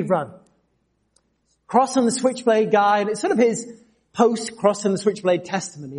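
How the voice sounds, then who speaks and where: A male preacher tells his own story during a sermon, moving from quiet asides to sudden lifts. He speaks in an animated, storytelling way. His voice sits high for a man. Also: breathy edge. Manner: storytelling, animated, jumps to shouts. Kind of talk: sermon with personal testimony.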